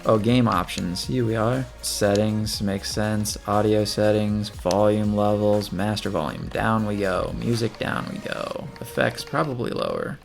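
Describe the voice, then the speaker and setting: A man's voice: fairly low pitch, lively intonation, unhurried, gravelly, few pauses, faint music behind. A man hosting a gaming channel, giving casual gameplay commentary and chatting as he thinks aloud while playing.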